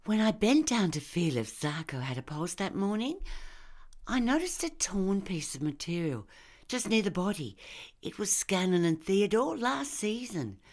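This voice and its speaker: A woman's voice: medium pitch, sing-song, a little slow, darkish tone, pitched above the performer's own voice. Woman reading as a fiery idealistic carer. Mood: explaining.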